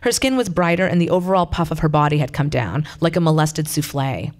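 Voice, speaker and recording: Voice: medium pitch, fairly quick. A reader reading a story aloud in a plain, conversational way, with occasional asides.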